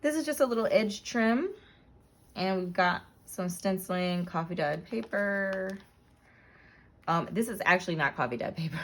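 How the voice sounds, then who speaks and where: With frequent ums and self-corrections, a relaxed woman narrates a flip-through of her handmade journal. Her voice is lowish and slightly rough.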